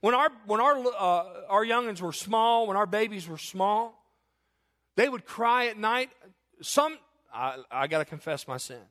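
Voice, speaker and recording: A man's voice: high-pitched, animated, measured pace, bright, forceful tone. A man preaching a sermon in a folksy, earnest way, repeating himself and telling family stories. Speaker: pastor.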